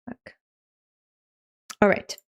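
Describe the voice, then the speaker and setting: A woman's voice: extremely slow, dull audio. A woman in her thirties from Europe, chatting casually on a live stream, laughing often and swearing offhand. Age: 30s.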